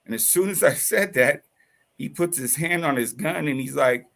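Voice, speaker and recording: A man with a gravelly, creaky voice tells a personal story in loose, casual talk. He rambles, swears freely, and fills the gaps with fillers and restarts. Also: on the high side, moderate pace, fairly bright tone. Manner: rambling, profane, full of fillers.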